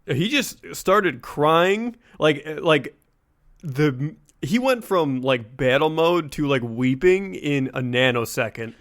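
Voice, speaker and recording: A man's voice: a little high, animated, slow, fairly bright tone. A man co-hosting a podcast, recounting events in an easygoing, rambling way with lots of fillers. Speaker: podcast co-host. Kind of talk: casual podcast chat.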